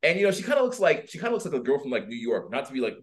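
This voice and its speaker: A dating coach appears as a podcast guest and tells a story at a racing pace in a mid-range voice. He's animated and casual, leaning heavily on fillers and acting out the voices of the people involved. He works as a dating and personal development coach.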